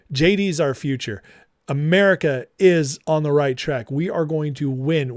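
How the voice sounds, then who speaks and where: A man's voice: medium pitch, a little mellow, no echo, studio quality. A man in his forties hosting a political livestream, speaking fervently and preachily and reading out chat comments.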